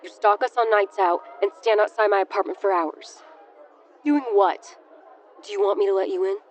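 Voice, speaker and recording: A woman's voice: mid-range voice, moderate pace, lo-fi sound, a faint crowd, lightly acted. Woman voicing a sneering, cruel young man. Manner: sneering, biting.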